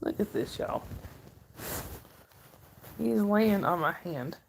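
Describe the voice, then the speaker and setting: A woman's voice: mid-range voice, lively intonation, takes it slowly, gravelly, darkish tone, a little hiss or hum. A woman with a Southern US accent from Georgia, hosting a casual livestream and greeting viewers by name. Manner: chatty, greets viewers by name, laughs often. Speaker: livestream host. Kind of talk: casual live chat reading viewer comments.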